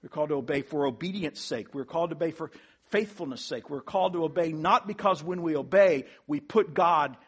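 A man's voice: on the high side, breathy edge. A man as pastor, preaching a sermon in an earnest way with emphatic rising peaks.

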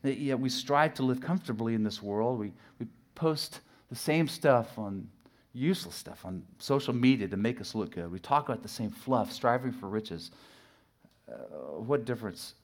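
A middle-aged pastor preaching a sermon, telling a personal story with lively swings from loud acted shouts to hushed asides. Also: male voice, medium pitch, normal speed. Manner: animated storytelling, acts out his own shouting and sudden hushed asides.

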